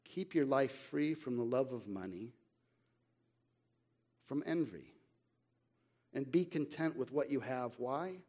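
A middle-aged man preaching a sermon as pastor, earnest and conversational, asking rhetorical questions and reading scripture slowly and with emphasis. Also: medium pitch, expressive, a little mellow.

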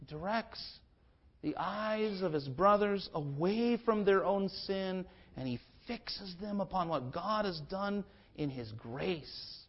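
A man preaching a sermon with impassioned swings in pitch and loudness, sometimes acting out the speakers in his text in a conversational voice. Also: highs cut off. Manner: acts out biblical speakers in a conversational voice. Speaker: pastor.

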